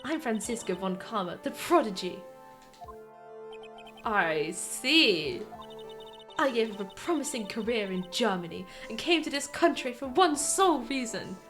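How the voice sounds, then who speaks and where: A woman's voice: on the high side, very animated, measured pace, a bit bright, soft background music. A woman voicing an arrogant young female prosecutor in a posh put-on voice, speaking in a cold, haughty, clipped way.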